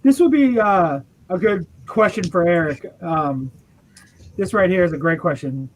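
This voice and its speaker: A man's voice: high-pitched, moderate pace, slight background noise, low-quality recording. A man chatting casually and bluntly with friends, swearing now and then. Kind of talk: casual chat.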